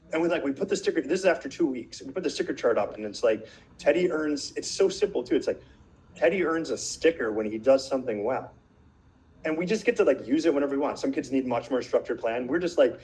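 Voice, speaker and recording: A man in his thirties leads a webinar for parents in a relaxed, conversational way. He tells animated stories, acts out quotes and often restarts his sentences mid-thought. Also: on the high side, quick pace, low-quality recording. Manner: animated storytelling with acted quotes and many restarts. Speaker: webinar presenter and coach.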